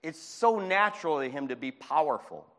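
A man preaching a fervent sermon in a church, moving between shouting and hushed speech. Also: fairly high pitch, animated, normal speed. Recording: long hall reverb.

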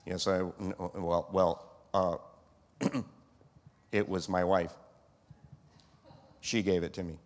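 A man's voice: low-pitched, flat delivery, slow pace, pauses often, pitched below the performer's own voice. A man doing a stammering, guilty first man. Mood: sheepish. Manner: hesitant, stumbling excuses. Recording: long hall reverb.

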